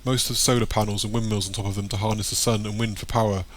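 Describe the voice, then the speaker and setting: A man narrating an audiobook in a plain, steady reading voice. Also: on the low side, very fast, slight background noise.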